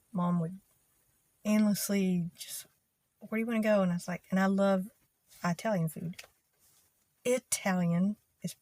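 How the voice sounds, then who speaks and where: A young woman with a soft Texas twang talks to her channel in a relaxed, meandering way. She pauses often, fills gaps with ums, and keeps an easygoing, conversational flow. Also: mid-range voice. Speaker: video creator. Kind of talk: casual talk to camera.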